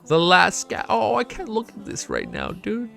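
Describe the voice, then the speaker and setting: A young man chatting casually on a live stream while reacting to a web novel, excitable and swearing often. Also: sits high, moderate pace, creaky, soft background music.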